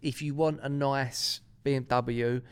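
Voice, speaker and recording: A young man co-hosts a podcast in a laid-back, joking way, full of slang. His voice is smooth and clear, sitting at a middle pitch. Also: fairly even intonation, measured pace, dry recording. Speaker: podcast co-host. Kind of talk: casual chat.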